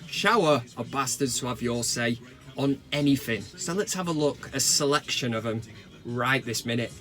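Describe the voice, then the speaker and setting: A man's voice: a little high, bright, forceful tone. A man with a Mancunian accent hosting a football fan vlog, reading viewer comments with sweary, cheeky banter. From Manchester, England. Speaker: football fan channel host. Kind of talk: casual fan reaction vlog. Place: talking into a camera at home. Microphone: camera mic.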